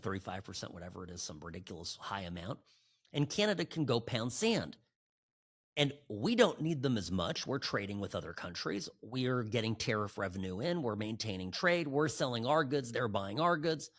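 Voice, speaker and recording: A male host delivers political commentary in an animated, sarcastic way, often restarting his sentences. His mid-range voice rises and falls a lot. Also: medium pitch.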